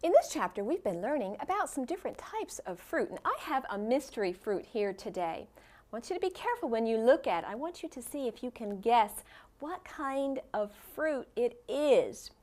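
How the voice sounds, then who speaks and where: A woman teacher giving a classroom video lesson to young children, explaining slowly and encouraging them. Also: a little high, very animated, darkish tone.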